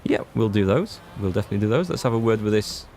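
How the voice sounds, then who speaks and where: Streaming a game over faint background music, a Northern Irish man keeps up chatty, rambling commentary, often interrupting himself. He talks fast in a fairly low, slightly mellow voice with lively intonation.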